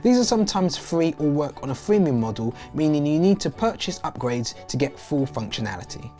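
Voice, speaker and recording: A man's voice: fairly high pitch, very animated, brisk, mellow, soft background music. A man hosting and explaining in an upbeat tutorial voice-over. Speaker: host.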